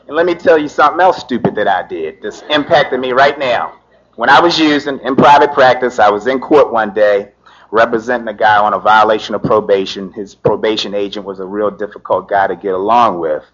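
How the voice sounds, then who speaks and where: Middle-aged man telling a story, lo-fi. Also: lowish voice. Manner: animated, frequent "you know" fillers, laughs through it. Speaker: lawyer. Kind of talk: personal storytelling. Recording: dull lo-fi recording.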